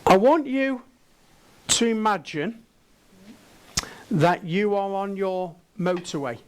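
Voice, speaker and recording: A man's voice: high-pitched, slow, clean tone. A man from England, giving an interactive keynote talk on a conference stage. He playfully coaxes the audience with questions. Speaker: conference speaker.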